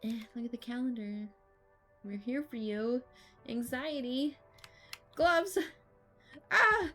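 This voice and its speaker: A woman's voice: fairly high pitch, unhurried, darkish tone, faint music behind. A woman playing a video game, making casual, swearing comments to herself. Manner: casual, swearing, laughing asides. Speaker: gamer. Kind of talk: let's-play commentary.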